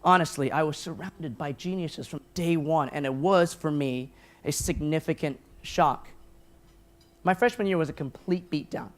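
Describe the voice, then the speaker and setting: A man giving a keynote speech at a lunch event, telling a personal story in an earnest, self-deprecating way. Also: fairly high pitch. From grew up in Taiwan, New Zealand and the United States. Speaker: keynote speaker. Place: event hall at a lunch gathering.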